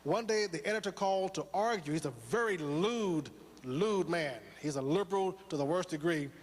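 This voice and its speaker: A man's voice: high voice, moderate pace, long reverb tail. A man giving a motivational speech to a live audience, preaching with rhetorical questions and repetition. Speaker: motivational speaker.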